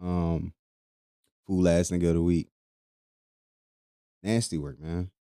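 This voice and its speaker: A man's voice: sits low, level tone, takes it slowly, warm tone, smooth, dry recording, clean studio sound. A young man hosting a casual podcast, talking loosely with lots of profanity and laughing between lines. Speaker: podcast host. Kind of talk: casual solo podcast commentary.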